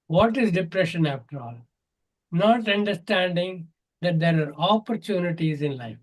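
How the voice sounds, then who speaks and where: A man's voice: sits high, animated, normal speed, rough recording. An older man with an Indian English accent, a natural health teacher telling stories earnestly and acting out the dialogue. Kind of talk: storytelling advice in an online Q&A.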